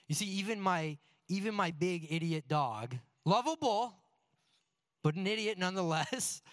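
A man's voice: a little high, dry recording, clean studio sound. Guy preaching, jokey and chatty, keeps asking the crowd stuff. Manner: conversational and joking, with rhetorical questions. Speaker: pastor. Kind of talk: sermon.

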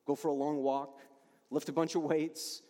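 A man preaching a sermon as a pastor, emphatic and animated, often restarting his words. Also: a little high, normal speed. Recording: long reverb of a large hall.

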